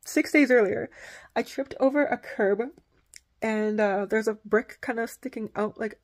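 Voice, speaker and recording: A woman's voice: a little high, measured pace. A woman vlogger telling a personal story in a rambling, casual way, packing her sentences with "like". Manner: rambling, heavy use of filler "like".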